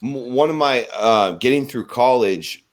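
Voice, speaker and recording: A man's voice: mid-range voice, measured pace. A man chatting casually as a podcast guest, laid-back and easygoing, with casual slang.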